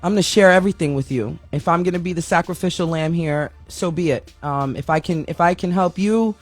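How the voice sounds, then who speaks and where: A woman's voice: on the low side, a little fast, no echo, soft background music. A woman hosting her own talk show from a home studio, chatting candidly, laughing often and joking at her own expense. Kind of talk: casual chatty monologue.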